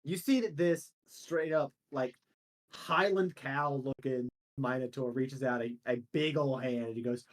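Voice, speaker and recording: A man's voice: mid-range voice, a little slow. A man running a tabletop game as game master, narrating in a loose, chatty way with many fillers.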